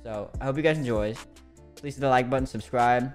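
A man's voice: mid-range voice, brisk, faint music behind. A man in his late teens chatting casually to viewers as he plays a game. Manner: chatty, slangy, talks to viewers. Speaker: gaming youtuber.

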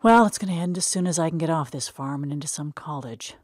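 A restless, ambitious young farm man, as a woman storyteller puts him on. He talks sharply and impatiently, dreaming out loud. Dry, close recording. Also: sits low, fast talker, dry recording.

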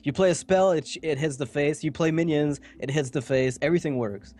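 A man casting an esports match, chatting casually between games with quick asides and jokes. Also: on the high side, a little mellow, soft background music. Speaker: esports caster. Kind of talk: casual pre-match commentary.

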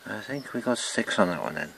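A man with a Welsh accent, chatting slowly and rambling to himself as he walks through his garden, filming on a handheld camera, mixing English and Welsh. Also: fairly low pitch, big pitch swings, vocal fry, background noise. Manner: slow rambling chat, mutters to himself; switches between English and Welsh. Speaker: gardening vlogger. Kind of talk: casual garden walk-through. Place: outdoor garden. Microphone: handheld camera or phone.

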